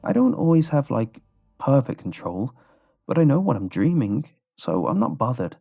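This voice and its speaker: A man voicing a young male patient, a flippant joker in the story, raised and loud. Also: medium pitch, very animated, moderate pace, voice pushed up. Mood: casual joking. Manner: loud, repeated screaming. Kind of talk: storybook horror narration.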